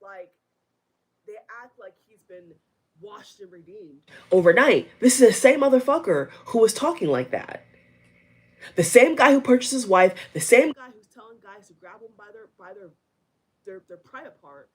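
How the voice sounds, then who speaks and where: A woman's voice: a little high, animated, normal speed, breathy edge. A woman delivering a heated, profane reaction rant to her camera, repeating lines for emphasis. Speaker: vlogger. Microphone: headphones on. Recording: audio cutting in and out, level dropping.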